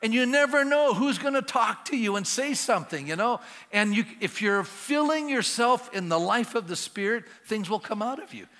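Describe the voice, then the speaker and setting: A man preaches in a lively, conversational way and keeps questioning his congregation. His voice is high and bright with wide swings in pitch. It sounds out in a church sanctuary with a long hall reverb. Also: moderate pace, few pauses. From Canada. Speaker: pastor. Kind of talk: sermon.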